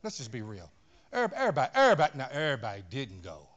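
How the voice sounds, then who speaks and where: Speaking rapid-fire with a medium, fairly bright voice whose pitch swoops wildly, a pastor delivers a sermon in a church sanctuary. His style is emphatic and conversational, with frequent repeated words as he drives his point home.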